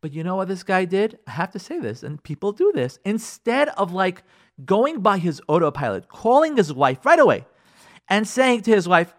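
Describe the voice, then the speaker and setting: A man's voice: sits high, normal speed. A male radio show host telling a story on air in a rambling, conversational way, acting out the dialogue of the people in it. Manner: animated, acts out quoted dialogue in the stories; rambling, with frequent fillers and restarts.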